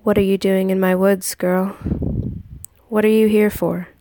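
A woman playing a menacing man-beast of the woods, speaking in a low, threatening growl. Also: level tone, unhurried, noisy background, natural voice.

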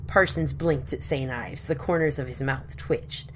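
A woman narrating a novel in a measured, dryly wry storytelling manner. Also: very deep voice, breathy edge. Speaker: audiobook narrator. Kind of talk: scripted narration.

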